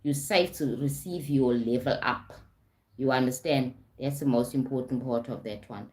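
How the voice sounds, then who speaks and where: A woman's voice: extremely low pitch, moderate pace, a little mellow. A woman with a South African accent, a life coach talking on a live stream, often adding "right?" and "okay?" and greeting viewers.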